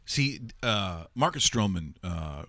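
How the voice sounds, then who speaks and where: A man's voice: low voice, sing-song, slow pace, bright, forceful tone, no echo. A man hosting a sports talk show, chatting casually and telling stories with a joking touch. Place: studio.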